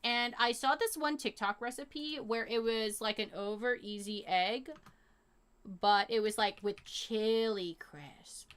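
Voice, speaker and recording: A young woman streaming live, chatting casually with her viewers in a rambling, animated way full of fillers and slang. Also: a little high, slow, clean tone. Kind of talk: casual chat to a live chat audience.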